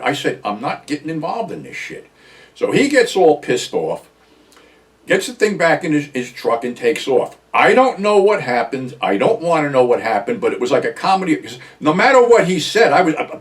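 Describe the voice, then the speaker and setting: A man's voice: on the high side, sing-song, brisk, far from the mic. An older man, telling a profane, rambling story from his own past as a channel host. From New Jersey, USA. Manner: rambling, blunt, heavy swearing, rising loud when quoting himself.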